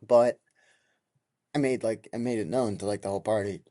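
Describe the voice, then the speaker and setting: A man's voice: lowish voice, moderate pace, dry recording, clean studio sound. A young man in his twenties, hosting a podcast and telling a heated, profane story in a casual monologue. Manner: heated, profane, animated retelling. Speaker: podcast host.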